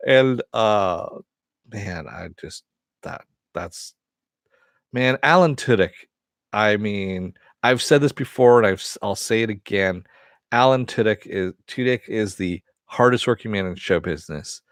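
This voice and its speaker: A man hosting a casual spoken review of an animated series, rambling with many fillers, laughing often and swearing with enthusiasm. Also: lowish voice, unhurried, no room sound, studio quality. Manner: profane and enthusiastic.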